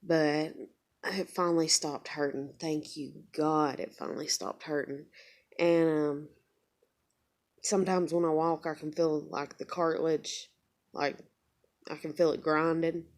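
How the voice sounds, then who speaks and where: A woman's voice: steady tone, unhurried. A young woman vlogging to camera, venting bluntly with heavy swearing, her voice climbing as she gets angrier. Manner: gets louder and higher when angry. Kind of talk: casual rant to camera.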